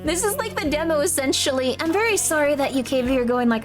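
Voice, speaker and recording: A woman's voice: high voice, expressive, quick pace, few pauses. A woman streamer chatting casually while playing, gushing and rambling with lots of apologies. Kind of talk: casual live-stream chat. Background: game music.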